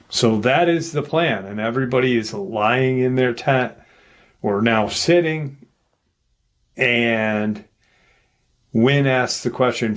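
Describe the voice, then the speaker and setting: Retelling an encounter story for his paranormal channel, this host speaks at a medium pitch in an unhurried manner. He hesitates often, using fillers and starting sentences over.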